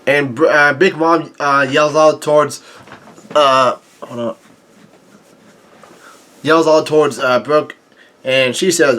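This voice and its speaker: A man casually recapping a comic chapter as a channel host, halting often with fillers and tossing in crude asides. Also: fairly high pitch, steady tone, pushed and bright.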